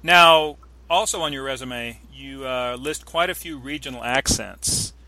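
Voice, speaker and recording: A man hosting an interview, asking measured questions and backing the guest with frequent mm-hmms. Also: mid-range voice, a crowd in the background, low-quality recording. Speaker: interviewer host.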